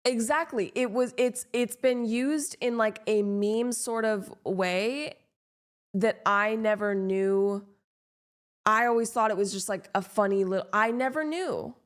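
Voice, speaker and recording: A woman's voice: fairly high pitch, unhurried. A young woman, chatting casually with her stream while gaming, rambling and self-deprecating with lots of fillers.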